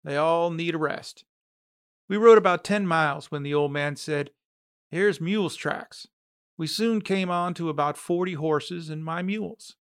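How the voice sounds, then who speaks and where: A man narrating a story read from a letter, steady and reflective. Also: on the high side, normal speed, clean tone, no echo, clean studio sound.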